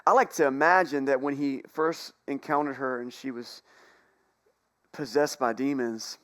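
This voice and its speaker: A man preaching a sermon in a church, telling a story in a relaxed, conversational way, with playful asides and jokes. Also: mid-range voice, a little slow. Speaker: pastor. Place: church sanctuary.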